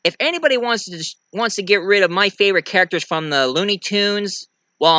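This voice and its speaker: A young man giving a rambling, excitable casual movie review. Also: sits high, a little fast, dry recording.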